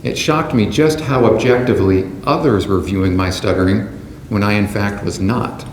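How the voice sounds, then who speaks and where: A man delivering a prepared, measured keynote speech to a conference audience in a large hall. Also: fairly low pitch. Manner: measured, deliberate delivery from a script. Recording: roomy hall sound with faint background noise.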